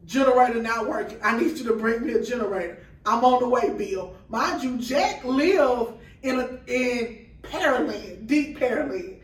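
A woman's voice: on the high side, measured pace, far from the mic. A woman guest on a podcast, telling a story in casual chat and acting out the dialogue with quoted voices. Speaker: guest, food truck owner. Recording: roomy sound from off-mic.

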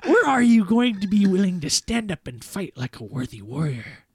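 A man voicing a very old, blind male palm reader who is harsh and stern, in a slow, strained old-man voice. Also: high voice, big pitch swings, breathy edge, no echo, pitched above the performer's own voice, full character voice.

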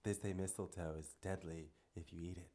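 A man doing a sultry catwoman impression in a breathy, low whisper. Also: fairly even intonation, brisk, dark tone.

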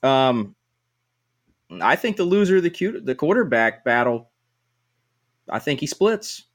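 A relaxed man co-hosts a sports podcast with an easygoing manner. His pitch moves up and down a lot as he talks casually. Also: measured pace. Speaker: podcast co-host.

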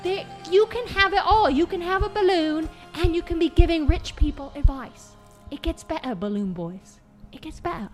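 A woman playing a loud, bossy chimney-sweep motivational speaker with a put-on Cockney accent, in an improv comedy bit. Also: very high voice, expressive, normal speed, soft background music. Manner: shouty, bossy, mock-inspirational.

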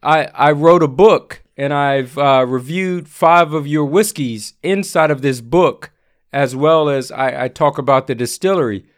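Smooth-voiced man telling a whiskey story. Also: fairly high pitch, measured pace. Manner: rambling anecdotal telling with fillers. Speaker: whiskey writer. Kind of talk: casual storytelling.

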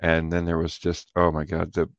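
A man's voice: sits low, completely flat delivery, moderate pace, dry recording, lo-fi sound. A man co-hosting a casual film-discussion podcast, talking emphatically and piling up descriptive words.

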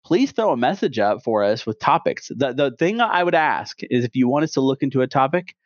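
A man's voice: mid-range voice, expressive, brisk, dry recording. A man in his thirties co-hosting a podcast, talking casually with a rambling, opinionated manner and many restarts. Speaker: podcast co-host. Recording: dull, dry podcast audio.

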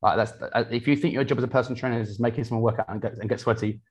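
A man, a personal trainer talking casually in an interview, energetic, with many restarts. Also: mid-range voice, racing. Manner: energetic, many restarts, quotes clients in lively voices.

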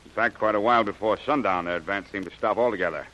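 A quick-talking deep scout. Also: male voice, pushed and bright, highs cut off, a little hiss or hum. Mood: reporting. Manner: quick, sure, matter-of-fact. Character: watchful scout at an outpost. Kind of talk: 1930s radio acting.

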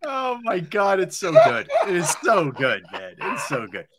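A man's voice: sits high, wildly swooping pitch, measured pace, very noisy. A man hosting a sports radio show, enthusiastically praising his guest and prompting him. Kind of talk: casual sports radio chat.

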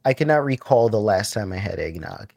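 A man co-hosting a podcast about movies, chatting casually in a relaxed way. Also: lowish voice, fairly quick, vocal fry, no echo, studio quality. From half Spanish heritage. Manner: relaxed, laughs easily. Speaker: podcast co-host. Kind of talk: casual chat.

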